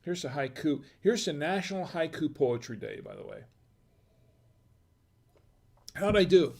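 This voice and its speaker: A talkative man hosts a casual livestream. His voice sits somewhat high for a man. He reads chat messages aloud and keeps tossing questions back to his viewers. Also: animated, brisk, darkish tone. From United States. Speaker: wine review livestream host.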